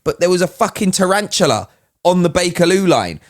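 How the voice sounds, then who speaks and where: A man's voice: high voice, very animated, a little fast. A man co-hosting a podcast, talking animatedly and swearing a lot. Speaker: podcast co-host. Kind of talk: casual chat.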